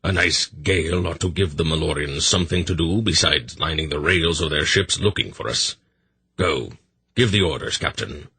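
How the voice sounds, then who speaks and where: A man's voice: very deep voice, normal speed, creaky, bright, forceful tone, husky, no echo, heavily acted. A man voicing a curt, commanding old male sorcerer in an audiobook.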